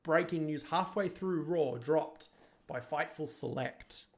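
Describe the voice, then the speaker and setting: A man's voice: fairly high pitch, slow. A man hosting a podcast, giving casual review commentary in an opinionated, critical way that rambles with restarts. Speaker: podcast host.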